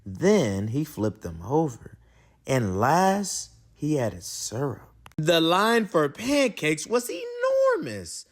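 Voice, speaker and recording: A man reading a children's picture book aloud with expressive delivery and playful slang asides. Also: on the high side, slow. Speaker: read-aloud narrator.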